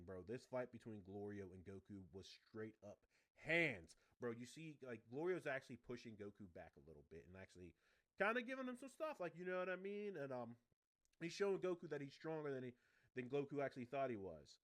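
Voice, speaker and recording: A young man talks through an anime episode in a loose, casual recap, his voice sitting at an ordinary middle pitch. He is excitable and slangy, leaning on "like" and "bro" as he reviews. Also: brisk.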